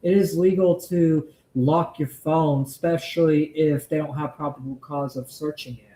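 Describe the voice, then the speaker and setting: A man's voice: on the high side, fairly even intonation, moderate pace, dark tone, roomy sound, rough recording. A man hosting a live stream, angrily ranting and swearing as he reacts to a video. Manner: angry, profane ranting. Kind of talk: heated live commentary.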